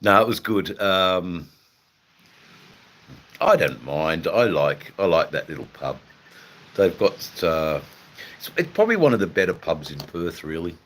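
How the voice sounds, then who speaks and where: Australian male streamer, low voice, unhurried and rambling, casual swearing. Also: big pitch swings, a bit bright. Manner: laid-back, rambling, drawn-out fillers, swears casually. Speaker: livestream host chatting with viewers. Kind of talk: casual live chat.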